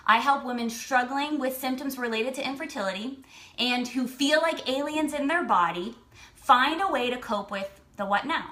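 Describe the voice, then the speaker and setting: A woman in her thirties, a lifestyle and fertility coach, telling a personal story to her viewers in an animated, chatty way with lots of "like". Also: high voice, normal speed.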